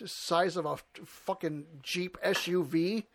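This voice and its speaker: A man's voice: sits high, steady tone, takes it slowly. A man co-hosting a podcast, ranting and swearing constantly as he laughs through a video clip. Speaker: podcast co-host. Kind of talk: profane casual banter.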